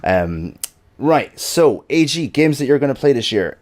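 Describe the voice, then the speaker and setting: A man's voice: medium pitch, very animated, a little slow. A man with an Irish accent hosting a casual podcast over a call, laughing often and teasing his guests. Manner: laughs often, teasing, asks rambling questions. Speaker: podcast host. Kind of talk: casual chat.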